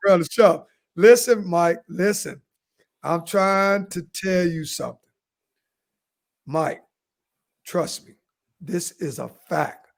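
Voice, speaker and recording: A man's voice: sits high, takes it slowly, creaky, pauses often. A man co-hosting a comedy podcast, giving crude advice in a boastful, repetitive way and laughing at his own jokes. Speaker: podcast co-host.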